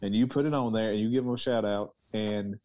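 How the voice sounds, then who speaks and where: A man's voice: lowish voice, steady tone, a little fast, dark tone, no echo. A man co-hosting a podcast, emphatic and insistent, repeating his points. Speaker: podcast co-host. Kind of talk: casual chat.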